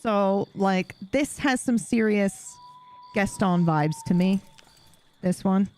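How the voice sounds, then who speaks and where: A woman's voice: medium pitch, takes it slowly, darkish tone, slight background noise. A woman streamer chatting casually with her live audience while playing a game, swearing freely and laughing often.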